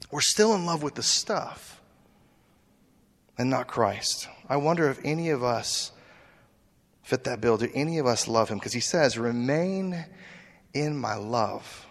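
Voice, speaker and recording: A man's voice: a little high, fairly bright tone. A man preaching a sermon as a pastor, storytelling and asking rhetorical questions. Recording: long church reverb.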